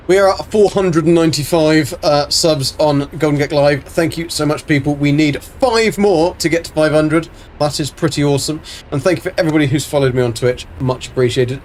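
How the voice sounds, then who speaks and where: On a live stream with faint background music and a bit of noise, a man with a slightly high voice gives casual game commentary. He chats to his viewers, calls them by name, and swears without restraint.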